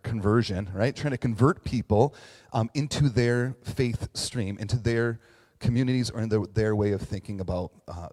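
A man's voice: mid-range voice, darkish tone, in a large hall. A middle-aged man preaching a casual, conversational sermon as a pastor, joking at his own expense with lots of fillers and tag questions. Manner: chatty, self-deprecating, frequent fillers and "right?".

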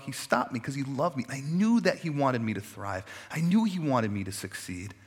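A man pastor delivers a sermon in an easy, conversational voice at a middle pitch. He builds up emphasis by repeating phrases and often breaks off into casual asides. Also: lively intonation, fairly quick, few pauses, slightly rough.

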